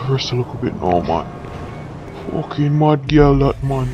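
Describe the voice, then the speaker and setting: Over music and through dull audio, a man with a Jamaican accent mutters and curses as the narrator and game character of a comedic skit voice-over. His delivery is expressive and unhurried, swearing a lot and panicking into high yelling.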